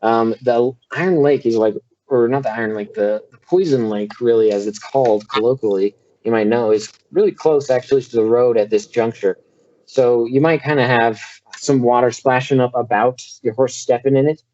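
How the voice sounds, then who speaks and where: A man's voice: medium pitch, fairly even intonation, moderate pace, darkish tone. A young man narrating a tabletop game as game master in a loose, filler-heavy way, heard through a dull lo-fi recording.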